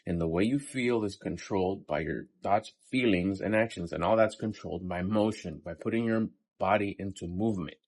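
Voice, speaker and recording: A man's voice: low voice, moderate pace, few pauses, a little mellow. A man in his fifties giving a casual, profane motivational talk between workout sets in a day-in-my-life vlog. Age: 50s. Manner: blunt, profane and pep-talking. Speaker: vlogger.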